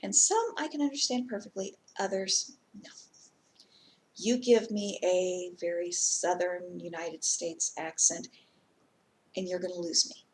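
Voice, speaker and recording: A woman's voice: fairly low pitch, measured pace, darkish tone, slight background noise. A woman vlogger telling a casual story time, chatty and rambling, with many ums and asides.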